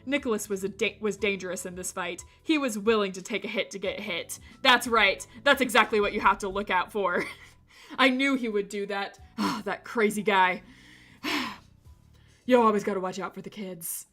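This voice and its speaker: A woman streamer reading a visual novel aloud, breaking off for animated, jokey commentary. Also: medium pitch, normal speed, soft background music. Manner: animated, jokey asides with laughter.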